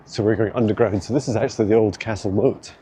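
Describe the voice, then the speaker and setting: A man's voice: fairly low pitch, fairly even intonation, fast, mellow, a little hiss or hum. A man rambling casually while walking outdoors through city streets, filming on a handheld phone, chatty and laughing often. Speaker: vlog host. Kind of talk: walking tour vlog.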